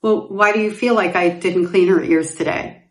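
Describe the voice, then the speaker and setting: A middle-aged woman hosting a podcast, telling her personal story candidly and growing animated, with laughs through painful memories. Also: fairly low pitch, moderate pace. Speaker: podcast host. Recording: roomy echoing room.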